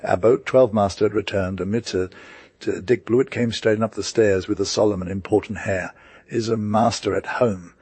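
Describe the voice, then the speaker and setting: A man's voice: lowish voice, steady tone, a little fast, a little mellow, breathy edge, no room sound. A man narrating a classic story in casual, slang-heavy modern words.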